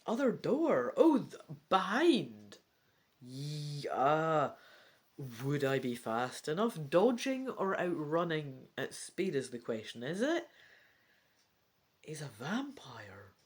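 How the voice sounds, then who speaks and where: Low-voiced lady reading a gamebook, chatty, jokes at herself, pitch jumps all over. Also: sing-song, takes it slowly. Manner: chatty, self-mocking asides, slips into whispers. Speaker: gamebook reader. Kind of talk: casual gamebook playthrough with reading aloud.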